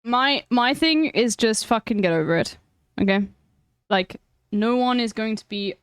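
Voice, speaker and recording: A woman's voice: fairly high pitch, animated, normal speed, clean tone, dry recording, clean studio sound. A woman streamer chatting frankly with viewers, giving blunt advice and swearing freely. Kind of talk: casual chat with viewers.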